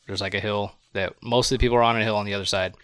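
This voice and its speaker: Male podcast co-host, slightly low, bright tone, swears freely, giggly plot recapper, dry booth sound. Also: fairly even intonation, very fast, clean tone, no echo. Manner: laughs often, swears, recaps plot loosely. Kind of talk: casual movie review chat.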